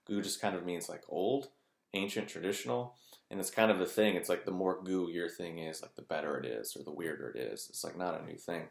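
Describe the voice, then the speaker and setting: A man's voice: sits low, fairly quick, gravelly, reverberant. A man talking casually to his channel's viewers, rambling loosely and peppering his thoughts with "like" and "kind of". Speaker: spiritual teacher, YouTuber. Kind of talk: casual monologue to camera.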